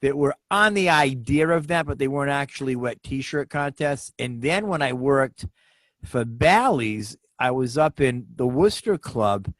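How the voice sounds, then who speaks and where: Guy running a comedy chat, bouncy pitch, close dry sound, teasing recaps. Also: expressive, dry recording. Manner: quick, playful recapping. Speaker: comedy host. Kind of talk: casual chat.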